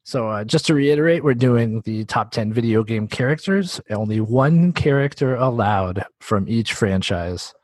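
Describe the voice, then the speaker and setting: A man's voice: medium pitch, lively intonation, measured pace, hardly any pauses, a little mellow, no room sound. A man co-hosting a casual video game podcast, joking and laughing as he talks. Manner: laughing, jokey, slips into mock voices for quotes. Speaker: podcast co-host. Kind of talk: casual chat about video games.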